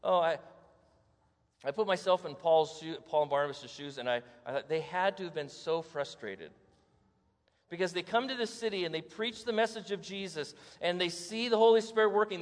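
A man's voice: sits high, fairly quick. A male preacher giving a sermon, telling the story dramatically, acting out the scenes and asking the congregation rhetorical questions. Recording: echoey hall.

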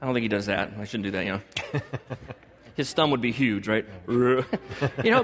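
A middle-aged man preaching a sermon to a congregation as pastor, animated, joking and acting out little dialogues. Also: a little slow, long pauses, breathy edge, big-room sound. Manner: animated, acts out dialogue with God in a higher voice; jokes and laughs with the congregation.

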